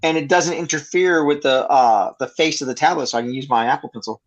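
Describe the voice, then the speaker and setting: Male artist guest, slightly high voice, calm explainer. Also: fast. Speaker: artist co-host. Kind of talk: casual chat.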